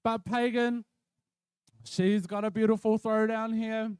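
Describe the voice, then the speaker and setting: High-voiced New man commentating. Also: measured pace, smooth, no room sound. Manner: explains each step in a steady, even flow. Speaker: expert commentator. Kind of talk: live play-by-play commentary.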